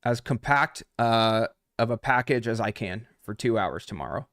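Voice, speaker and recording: Male trading coach live-streaming, loose and profane, mid-pitched, close dry mic. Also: moderate pace, fairly bright tone, no echo. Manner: casual, profane, talks straight to chat. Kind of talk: unscripted live stream teaching.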